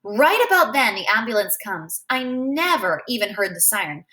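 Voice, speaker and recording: Lady reading a book out loud, really animated and bright. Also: fairly high pitch, moderate pace. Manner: expressive storytelling. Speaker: reader. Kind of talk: reading a novel aloud.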